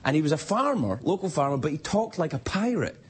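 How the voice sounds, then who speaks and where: Animated Scottish man telling jokes. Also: fairly high pitch, fast talker, slightly rough. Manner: rambling, self-mocking storytelling. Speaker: late-night talk show host. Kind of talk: stand-up monologue. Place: television studio with live audience. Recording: studio audience laughter and noise.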